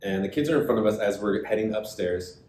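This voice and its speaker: Low-voiced man telling a story. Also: quick pace. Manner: animated retelling, acts out quoted voices. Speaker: podcast co-host. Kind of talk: casual storytelling chat. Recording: echoey room with faint rumble.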